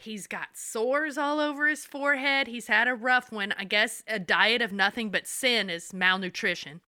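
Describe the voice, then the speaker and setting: Bright-voiced woman animatedly recapping. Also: on the high side, normal speed, dry recording, clean studio sound. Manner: animated, profane storytelling. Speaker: podcast co-host. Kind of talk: casual episode recap.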